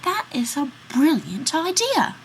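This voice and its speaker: Woman doing an excitable young man. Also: high voice, unhurried, a little hiss or hum, voice pushed up, full character voice, rough recording. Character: easily swayed young man, hot-headed friend.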